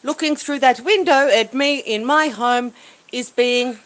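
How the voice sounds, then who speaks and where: Woman, high voice, angry swearing rant, loud bursts then low mutters, phone livestream, outdoors in a backyard. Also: a little slow. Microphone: handheld phone.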